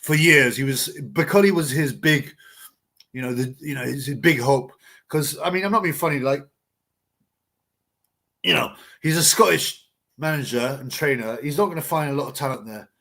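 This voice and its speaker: A man's voice: mid-range voice, normal speed, bright, forceful tone. A man hosting a casual live boxing chat, rambling and blunt with slang. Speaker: livestream host.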